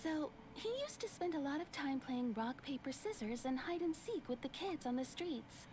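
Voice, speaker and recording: A woman voicing a gentle, soft-spoken young townswoman with a soft, slightly squeaky, near-whispered voice who tells stories patiently. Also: expressive, normal speed, very noisy.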